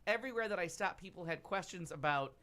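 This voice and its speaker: A man's voice: sits high, animated, fast talker, sharp tone. A man on a talk show telling a long travel story in a casual, rambling way with lots of asides. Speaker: podcast cast member telling a travel story. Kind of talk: casual chat.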